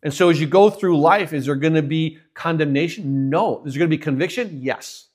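A man preaching a sermon, telling a story with his voice rising and then dropping almost to a hush. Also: a little high, a little fast. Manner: storytelling, voice swells and drops to near hush.

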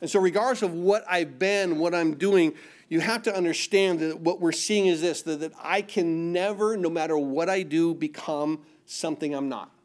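A man's voice: on the high side, normal speed. A middle-aged man preaching a sermon, asking the congregation questions and answering them with emphasis. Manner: call-and-response questions, emphatic. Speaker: pastor.

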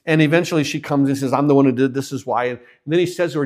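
A man preaching a sermon, telling a story with his voice rising and then dropping almost to a hush. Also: mid-range voice, rapid-fire. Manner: storytelling, voice swells and drops to near hush.

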